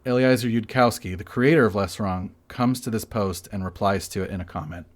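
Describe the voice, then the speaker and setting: A man's voice: on the low side, brisk. A man co-hosting a casual chat podcast, explaining a topic, joking and reading quotes aloud. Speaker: podcast co-host.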